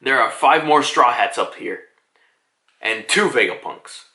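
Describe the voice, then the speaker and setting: A man voicing a stern, tired male agent in a low, sighing delivery while retelling a comic scene. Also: expressive, unhurried, sharp tone, roomy sound. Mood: grave report.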